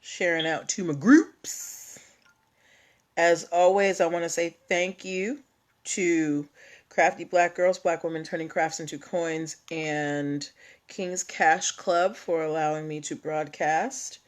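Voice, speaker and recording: Slow-talking woman hosting a livestream. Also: deep voice, fairly even intonation. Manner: chatty, greets viewers by name, frequent ums. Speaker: livestream host. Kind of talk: casual livestream chat.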